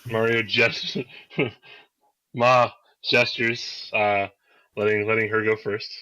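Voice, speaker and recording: A man playing in a tabletop game, asking quick questions in casual chat. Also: lowish voice, level tone, pushed and bright, slight background noise, low-quality recording. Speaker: player.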